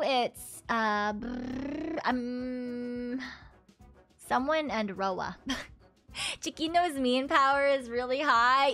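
Woman, VTuber streamer, casual livestream chat, excitable, swears casually, laughs a lot, faint music behind. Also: fairly high pitch.

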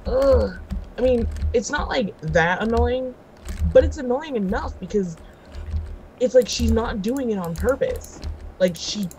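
A woman from California chatting casually while playing a video game, excitable and quick to gasp and laugh. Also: a little high, slight background noise, poor audio. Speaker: co-host of a gaming series. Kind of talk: casual let's-play chat.

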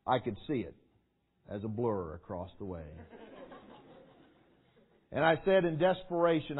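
A man preaching a sermon to young people, telling a story with lively acting, shouts and sound effects. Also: lowish voice, normal speed, pauses often, husky. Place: large meeting hall. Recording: tinny phone-like sound.

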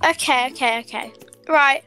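A woman putting on a high evasive young friend. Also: moderate pace, bright, forceful tone. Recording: faint background music.

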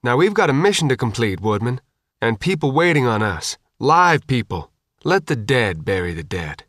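Casual: guy reading as a tough calm lady officer, low key, no-nonsense. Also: normal speed, no room sound, studio quality. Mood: grim calm. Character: grim, steady female petty officer.

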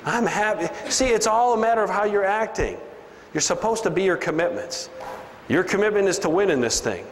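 Male seminar speaker, high voice, punchy and preachy, echoing big room. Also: expressive, a little fast, slight background noise. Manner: preachy, punchy, drops into a low voice for emphasis. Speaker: business speaker. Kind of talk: motivational seminar speech. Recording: long hall reverb, faint ambience.

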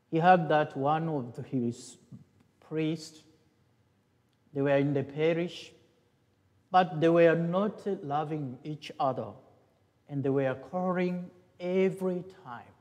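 Male priest, slightly high voice, slow halting homily, reverberant church. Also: darkish tone. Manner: halting, searching for words.

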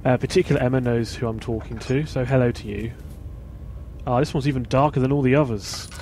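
A man's voice: medium pitch, brisk, warm tone, slight background noise. A man hosting a let's play, giving casual gameplay commentary and muttering asides to himself.

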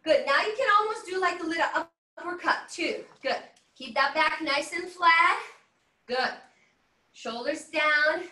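With a high, animated voice that's bright and forceful, a woman leads an online workout at a slightly slow pace, exercising as she cheers and coaches. Upbeat and whooping, she's a bit out of breath. The sound is roomy, captured from afar by her laptop mic on a video call.

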